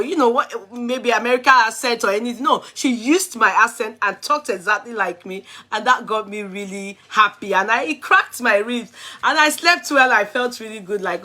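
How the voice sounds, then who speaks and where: A woman's voice: medium pitch, pushed and bright. A middle-aged Nigerian woman with a Nigerian accent, chatting affectionately on a live stream and laughing often. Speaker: vlogger. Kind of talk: casual live-stream chat.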